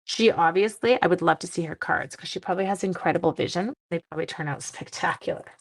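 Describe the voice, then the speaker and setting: Woman, from Canada, middle-aged, low gravelly voice, tired, chatty crafting livestream host. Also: fast talker. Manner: playful, chatty, talks to viewers while working. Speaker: card-making livestream host. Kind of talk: casual crafting livestream chat.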